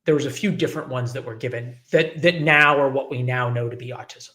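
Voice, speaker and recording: A man's voice: mid-range voice, fairly even intonation, fairly quick, a bit bright. A man in his forties, a journalist guest telling his life story in an interview, acting out the people he quotes. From United States. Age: 40s.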